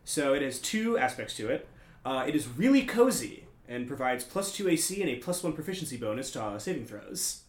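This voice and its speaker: A man's voice: mid-range voice, big pitch swings, a little fast, reverberant. A man playing in a tabletop game, describing his character's gift at easy length. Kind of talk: casual tabletop game chat.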